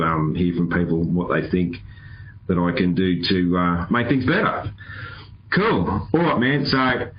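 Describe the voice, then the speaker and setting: A man's voice: fairly low pitch, highs cut off. A man hosting a casual interview podcast, easygoing and rambling, laughing often. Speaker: podcast host.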